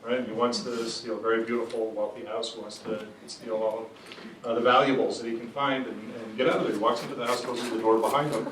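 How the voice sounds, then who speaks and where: An animated man speaking on a conference panel, laughing often and tagging points with "right?". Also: mid-range voice, fast, a little hiss or hum. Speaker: panelist, association executive. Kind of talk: panel discussion with a joke. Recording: roomy, distant mic, faint ambience.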